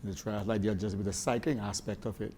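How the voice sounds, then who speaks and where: Low, mellow-voiced man guest. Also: fairly even intonation, fast talker, slight background noise. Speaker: committee member guest. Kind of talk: talk show interview.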